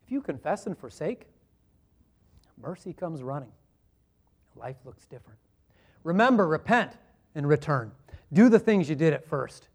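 High-voiced man preaching a sermon. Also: big pitch swings, unhurried, long pauses, darkish tone. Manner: earnest and conversational, with rhetorical questions. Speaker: pastor.

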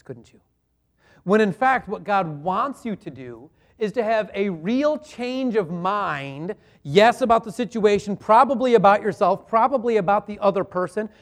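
A male pastor preaching a sermon in an earnest, conversational way, often asking the listeners rhetorical questions. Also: sits high.

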